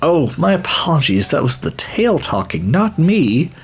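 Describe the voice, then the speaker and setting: Polite, apologetic game creature, lifted a little higher in pitch, a man reading it out. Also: sing-song, a little slow, breathy edge, heavily acted. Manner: courteous and apologetic.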